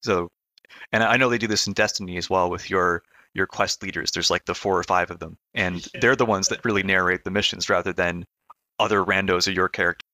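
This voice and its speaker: Low bright-voiced man chatting casually. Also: fairly quick, dry recording. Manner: relaxed, hesitant, laughs often. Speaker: game developer guest. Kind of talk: casual podcast chat.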